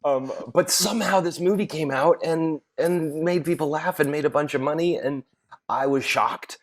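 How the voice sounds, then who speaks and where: A man's voice: fairly high pitch, normal speed. Middle-aged man telling showbiz stories. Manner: storytelling, laughs often, many fillers and restarts. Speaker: podcast guest, actor. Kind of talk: casual chat.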